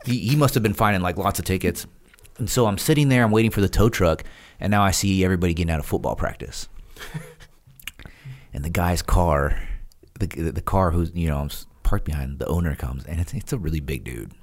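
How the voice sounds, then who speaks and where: Very deep-voiced man telling a story. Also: a little fast. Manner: animated, acts out quoted dialogue with laughs. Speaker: podcast guest, retired Navy SEAL. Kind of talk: casual storytelling.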